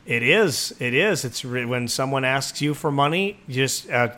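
A man's voice: mid-range voice, lively intonation, unhurried, hardly any pauses, pushed and bright. A man co-hosting a podcast, riffing crude jokes and mock announcements with plenty of swearing. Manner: joking, profane, mock-announcer riffs. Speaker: podcast co-host. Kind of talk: crude comedic banter.

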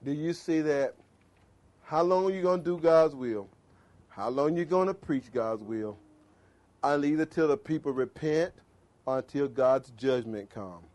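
A man preaching a sermon with passion, swinging between loud exhortation and low murmurs.

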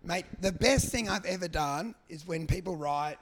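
A man's voice: high voice, normal speed, fairly bright tone, slight background noise. A man, a comedian riffing in casual podcast chat, rambling and sweary. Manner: rambling, sweary, mock voices for imagined people. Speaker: podcast guest.

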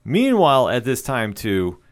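A man's voice: mid-range voice, huge pitch swings, a little slow. A man co-hosting a podcast, retelling an episode in casual, enthusiastic chat with lots of fillers. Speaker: podcast co-host.

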